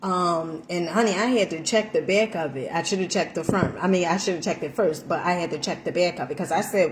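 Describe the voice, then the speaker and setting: A woman chatting through a casual home cooking vlog, animated and full of fillers, calling her viewers honey. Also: fairly low pitch, fairly quick, hardly any pauses, a little hiss or hum. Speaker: vlogger. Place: home kitchen.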